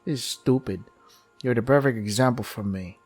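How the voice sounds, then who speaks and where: A young man reading a visual novel aloud and ranting at it, profane and exasperated, with sudden loud outbursts. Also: mid-range voice, moderate pace, breathy edge, faint music behind. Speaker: let's play streamer.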